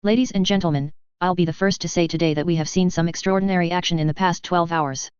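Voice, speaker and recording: A man's voice: sits high, steady tone, quick pace, clean tone, dry recording, lightly acted. A narrator voicing a confident male admiral giving a formal press briefing, with a dull, lo-fi sound. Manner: formal address. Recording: dull lo-fi dry audio.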